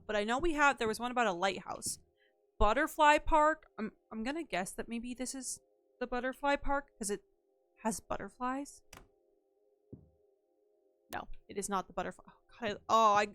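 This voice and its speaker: A woman's voice: on the high side, fairly bright tone, clean tone, no echo. A young woman streaming a mystery game, chatting casually, thinking aloud and thanking her chat.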